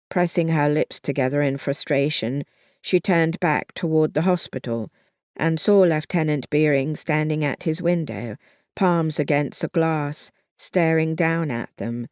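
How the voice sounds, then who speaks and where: An audiobook narrator reading historical fiction in a measured, even storytelling manner. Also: mid-range voice, dry recording, clean studio sound.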